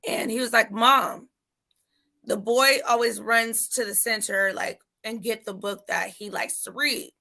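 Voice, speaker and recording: A mother in casual chat, telling an animated story and acting out her son's voice. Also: a little high, measured pace.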